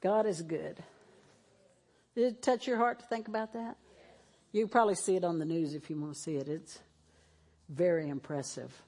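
A woman's voice: fairly low pitch, moderate pace, pauses often, warm tone. A woman preaching a sermon in a church, moving between fervent exhortation and tearful emotion. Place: church sanctuary, televised.

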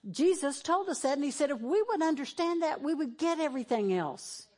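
A woman's voice: high voice, expressive, fairly quick, darkish tone. A woman preaching a sermon in a church, moving between fervent exhortation and tearful emotion. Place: church sanctuary, televised.

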